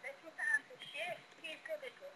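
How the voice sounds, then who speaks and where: A woman's voice: sits high, moderate pace, background noise. A young woman in casual chat, telling a story in a plain, hesitant way.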